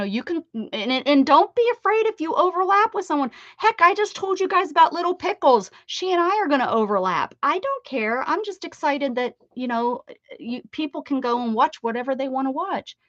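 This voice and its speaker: A chatty American woman hosts a craft livestream, talking in a somewhat high voice and greeting her viewers with playful sing-song repeats. The sound is dry and a little dull, with a slightly lo-fi feel. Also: fairly bright tone, no echo. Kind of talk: casual chat with live chat readers.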